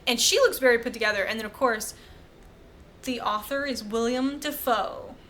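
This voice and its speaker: A woman's voice: fairly high pitch, moderate pace, a bit bright, a little hiss or hum. A woman co-hosting a podcast, recapping a film in casual chat with lots of fillers and profanity. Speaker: podcast co-host.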